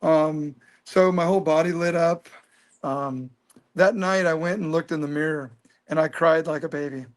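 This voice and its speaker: A man in his fifties telling a personal story as an interview guest, earnest and animated. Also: a little high, moderate pace. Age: 50s.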